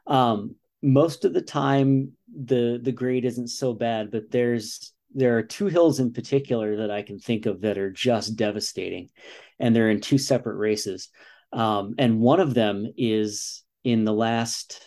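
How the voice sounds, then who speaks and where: Mellow-voiced American man in his forties. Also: lowish voice, steady tone, a little slow. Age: 40s. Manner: earnest, explaining with repeated "you know". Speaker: guest, father and runner. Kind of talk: casual interview talk.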